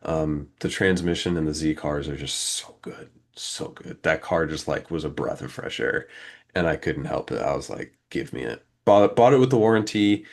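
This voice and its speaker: A man's voice: rumbling low, normal speed. A young man in his twenties on a casual podcast, telling a long story and acting out the back-and-forth in it. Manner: animated, acts out quoted exchanges. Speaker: podcast co-host.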